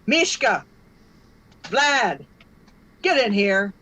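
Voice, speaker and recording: A woman's voice: fairly high pitch, lively intonation, takes it slowly, a bit bright, exaggerated voice. Woman voicing a smug bear crime boss. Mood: smug threat. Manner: smug, threatening.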